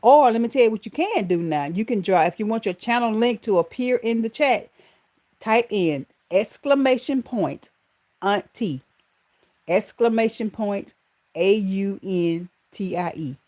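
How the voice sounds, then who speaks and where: A woman's voice: medium pitch, lively intonation, measured pace, a little mellow. A middle-aged woman with a Southern American accent, hosting a live stream and chatting with viewers, calling them honey and baby. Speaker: channel host.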